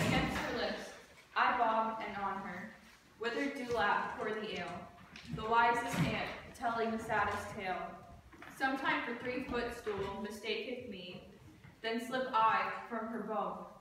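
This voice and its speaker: A boastful prankster sprite speaks in rehearsed verse, as a student actress reads the part, with a fairly high voice. She leans on certain words as she recites. The room is very echoey, the mic sits well away from her, and there is clear background noise. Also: recorded from a distance, lightly acted. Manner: reciting verse lines with emphasis. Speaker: student actor. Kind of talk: classroom rehearsal of verse drama. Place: school classroom.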